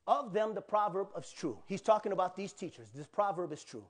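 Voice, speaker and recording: A male pastor preaching a sermon, telling a personal story with animated acted-out cries and asides to the congregation. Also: high-pitched, a little fast. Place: church.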